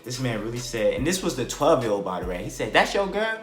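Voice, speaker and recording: Young guy from New Jersey, mid-pitched, loose slangy storyteller, roomy room with soft music underneath. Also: expressive, quick pace. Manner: slangy, rambling, frequent "bro" and "like". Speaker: vlogger. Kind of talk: casual storytime.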